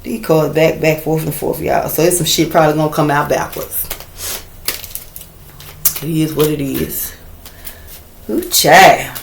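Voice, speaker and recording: A woman's voice: deep voice, fairly even intonation, a little slow, gravelly, pauses often, slight background noise. Chatty woman reading tarot, echoey room. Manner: chatty and blunt, swears freely, often calls viewers "y'all" and "baby". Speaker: tarot reader. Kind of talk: casual tarot reading to viewers.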